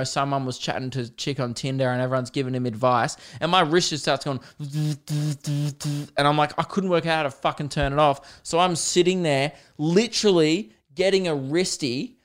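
A man's voice: a little high, clear, resonant tone. Ranting, swearing young guy. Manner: profane, ranting, bursts of laughter. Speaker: podcast host. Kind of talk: solo podcast rant.

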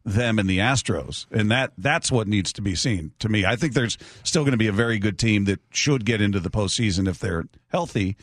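A man hosting a sports talk show, laying out his views in a measured way with frequent restarts. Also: lowish voice, a bit bright, no echo, studio quality. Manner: measured, analytical, restarts sentences. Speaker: sports radio host.

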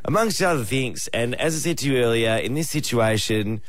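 A man co-hosting a radio show, bantering in a jokey, animated way. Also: mid-range voice, fairly quick, dry recording. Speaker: radio co-host.

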